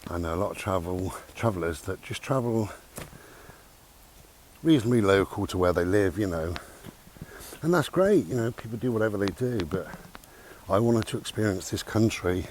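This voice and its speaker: A man's voice: on the low side, lively intonation, normal speed, pauses often, darkish tone. A man vlogging outdoors with a handheld camera, chatty and rambling, a little out of breath from walking. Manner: rambling, chatty, talks to his dog. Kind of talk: casual outdoor vlog talk. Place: outdoors in a park. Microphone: handheld camera mic. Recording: faint outdoor background noise.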